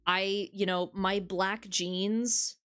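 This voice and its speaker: A woman's voice: medium pitch, fairly even intonation, drawn-out words, a bit bright, clean tone, soft background music. A woman streaming a dating game, reading its text aloud and chatting casually with viewers, frank and swearing freely.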